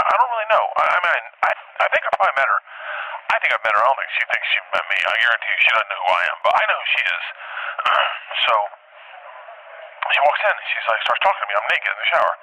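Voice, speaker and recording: Guy calling in to tell a wild dream, super lively pitch, bright sharp voice, kinda phone-y sound. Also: a little hiss or hum, rough recording. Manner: animated, profane storytelling with high-pitched quoted voices. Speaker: caller telling a dream. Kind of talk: rambling voicemail anecdote.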